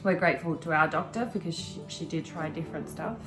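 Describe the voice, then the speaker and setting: Talking fast over music, a woman in her thirties with a low-sitting voice chats on her vlog. She comes across as earnest and reflective, stringing thoughts together in long run-ons.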